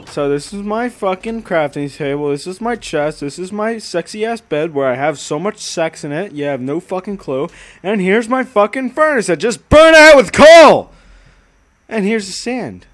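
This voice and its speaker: Guy swearing nonstop over his game, slow drawl, faint background hiss, goes quiet then suddenly yells. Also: fairly high pitch, big pitch swings. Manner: swears constantly, lurches from hushed murmurs to yelling. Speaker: gaming channel host. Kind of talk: crude gameplay commentary.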